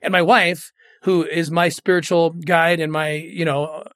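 A man's voice: a little high, little pitch movement, unhurried, a bit bright, no room sound, clean studio sound. A middle-aged man, a guest in an interview, telling a moving story earnestly and often repeating words when moved.

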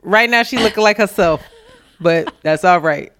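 A woman in her thirties co-hosting a podcast, chatting casually and telling stories with lots of laughter, her voice jumping high when she quotes people. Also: moderate pace. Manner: animated storytelling, laughs often, voice jumps high when quoting. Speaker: podcast co-host. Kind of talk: casual chat.

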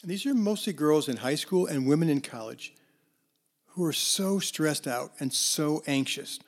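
Conversational higher-voiced male counselor. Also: animated, a little slow. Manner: conversational, with fillers and restarts. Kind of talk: storytelling talk on forgiveness.

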